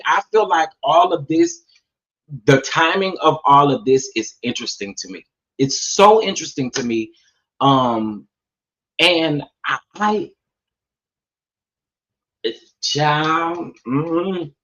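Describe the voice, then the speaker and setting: A man doing casual gossip commentary, sassy and animated, talking straight to his viewers. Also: on the high side, lo-fi sound. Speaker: commentary vlogger.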